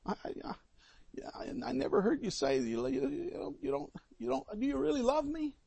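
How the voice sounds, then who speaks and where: A man voicing a middle-aged wife in a told story, hushed and stammering as she asks her husband if he loves her. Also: extremely high pitch, normal speed, vocal fry, dry recording, pitched above the performer's own voice, heavily acted. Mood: insecure pleading.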